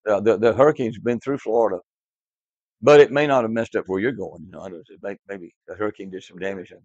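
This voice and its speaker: A fast-talking man with a fairly low, darkish voice teaches a Bible lesson in a classroom, quizzing his students. He is emphatic and repeats key words, and the recording is dull, lo-fi and dry with no room sound.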